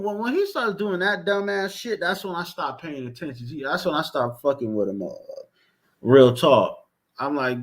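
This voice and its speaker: High-voiced man ranting in slang. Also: animated, moderate pace, a bit bright. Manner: profane, repetitive, exasperated. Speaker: commentary vlogger. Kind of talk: casual rant.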